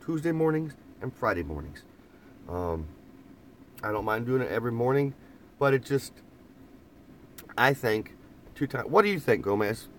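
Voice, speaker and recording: A man's voice: medium pitch, very animated, moderate pace, long pauses, a little hiss or hum. A man in a casual, rambling live chat from inside a camper van, laughing often and repeating phrases. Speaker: vlogger reading live chat.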